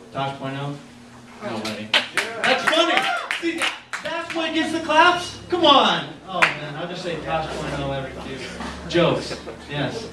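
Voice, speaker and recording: A young man with a fairly high, sharp-toned voice performs a stand-up set at an open mic inside a small art gallery. He rambles and puts himself down, saying "anyways" and other fillers a lot. The recording is echoey, taken from a far camera, with audible room noise.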